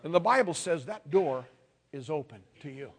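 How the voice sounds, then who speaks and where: A man's voice: fairly high pitch, expressive, moderate pace. A male pastor preaching a sermon, emphatic and calling on the congregation to respond.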